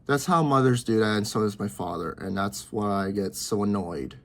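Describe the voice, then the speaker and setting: A man in his early twenties talking to camera from his bedroom, rambling and repeating himself with halting restarts. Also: on the low side. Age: 20s. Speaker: vlogger. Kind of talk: personal talk to camera.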